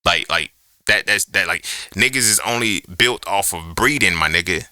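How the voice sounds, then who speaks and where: A man hosting his own podcast talks straight through an unscripted monologue. His voice sits low but has a hard, pressing edge. He swears freely and keeps firing rhetorical questions, and the sound is dry with almost no room around it. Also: moderate pace, pushed and bright, no echo. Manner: profane, emphatic ranting with rhetorical questions. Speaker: podcast host.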